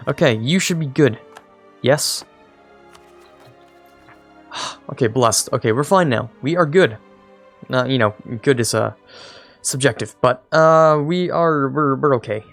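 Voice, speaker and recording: A man's voice: medium pitch, a little slow, gravelly, pauses often, fairly bright tone, faint music behind. A young man streaming a strategy game, rambling casually, mocking himself and talking to his units. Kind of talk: casual gameplay commentary.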